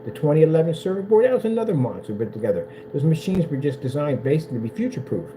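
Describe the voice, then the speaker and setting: A man talking casually and at length about building a computer, bouncing between quick asides and mocking imitations. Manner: animated, mocks console fans in high put-on voices. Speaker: tech vlogger. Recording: faint background noise.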